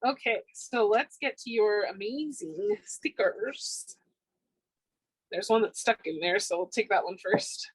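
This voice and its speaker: A woman's voice: medium pitch, lively intonation, a little slow, husky, dry recording, rough recording. A woman giving a casual pick-a-card tarot reading, upbeat and chatty, with frequent ums. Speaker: tarot reader.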